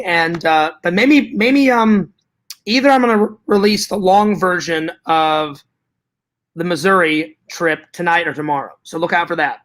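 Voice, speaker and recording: A man's voice: high voice, measured pace, a bit bright. A man vlogging to his viewers in casual chat, hyper and rambling, with joking profanity.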